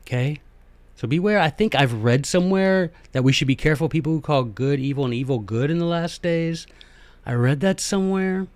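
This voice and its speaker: A man's voice: fairly high pitch, expressive, fairly quick, darkish tone, no room sound. Folksy Southern man lecturing, dry sound. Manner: chatty, digressive, emphatic asides. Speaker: host.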